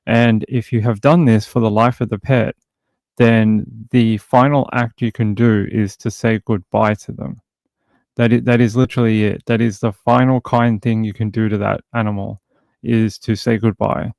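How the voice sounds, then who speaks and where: A gravelly-voiced Australian man hosts a casual livestream, greeting viewers by name and joking around. His delivery is loose and chatty with a tired edge, recorded close and dry with no room sound. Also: lowish voice, flat delivery, normal speed, darkish tone, no room sound. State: tired from insomnia. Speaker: livestream host.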